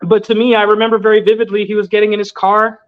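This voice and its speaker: High-voiced young man, earnest storyteller. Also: little pitch movement, fast. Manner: loose, filler-heavy, earnest. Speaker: guest. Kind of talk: casual storytelling interview. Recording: dull lo-fi audio.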